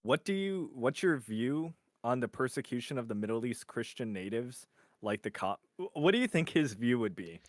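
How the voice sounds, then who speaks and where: A man as guest on a livestream, chatting casually and jumping in with quick rambling points. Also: medium pitch, very animated, no room sound, studio quality. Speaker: guest co-host.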